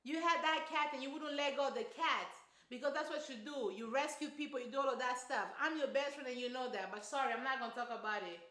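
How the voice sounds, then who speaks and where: A young woman reminisces to her best friend in slangy, hushed chatter, as a woman imitates her. Her voice is softer than it might be, yet still bright, and it bounces in an echoey room. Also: high-pitched, quick pace. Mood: chummy.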